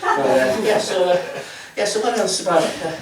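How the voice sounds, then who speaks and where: There's background noise as a high-pitched man in his 70s performs stand-up at a moderate pace. His set rambles, stammers and pokes fun at himself on a comedy club stage. The sound is roomy live audio recorded from far away, with laughter from the audience.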